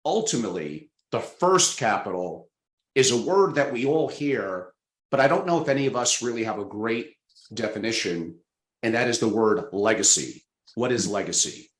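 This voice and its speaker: A man's voice: lowish voice, expressive, moderate pace. A man hosting an interview, posing structured questions in an appreciative way. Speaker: interview host. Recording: roomy echo.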